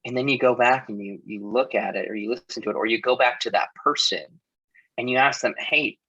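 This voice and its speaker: Guest, male coach, candid and emotional, bright tense voice, muffled lo-fi sound. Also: mid-range voice, fairly even intonation, fairly quick, husky. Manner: open, emotional storytelling. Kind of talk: casual chat.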